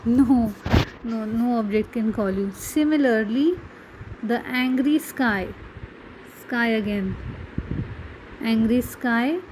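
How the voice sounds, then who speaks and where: A woman's voice: a little high, takes it slowly, pauses often, a little mellow, a little hiss or hum, low-quality recording. A woman teaching a grammar lesson, patiently explaining and asking her students rhetorical questions. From India. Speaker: English teacher.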